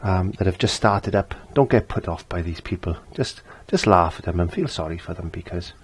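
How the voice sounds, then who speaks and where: A man's voice: low voice, moderate pace, husky. An older man giving a casual painting lesson, chatty and repeating his phrases as he works. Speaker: painting teacher.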